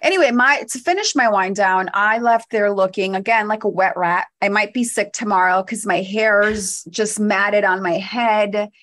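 A woman co-hosting a podcast, telling a lively story in casual chat and laughing often. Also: medium pitch, normal speed, few pauses. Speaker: podcast co-host.

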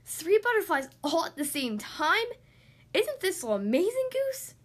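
A woman's voice: high voice, moderate pace. A woman doing an eager, cheerful duck. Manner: excited, upbeat.

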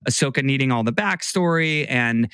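A man's voice: medium pitch, normal speed, sharp tone, clear, resonant tone, no echo, clean studio sound. A man co-hosting a podcast in casual chat, rambling and restarting his sentences. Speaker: podcast co-host.

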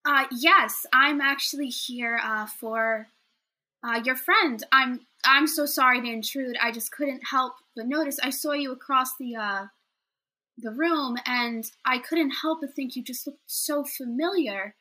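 A woman's voice: high-pitched, unhurried, sharp tone. A woman playing a tabletop game, playful and teasing in casual chat. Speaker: player.

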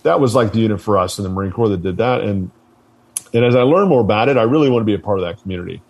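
A man's voice: on the low side, rapid-fire, highs cut off. A man being interviewed, casually telling stories with plenty of fillers, swearing and laughter. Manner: relaxed, profane, many fillers, laughs while telling stories. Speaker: interview guest, former Marine officer.

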